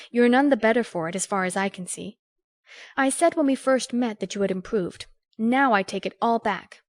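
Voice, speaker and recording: A woman reading an audiobook, voicing an earnest, sharp-tongued young woman who lectures a friend in a crisp, scolding way. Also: medium pitch, no room sound, studio quality, voice pushed up, lightly acted. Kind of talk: audiobook character voice.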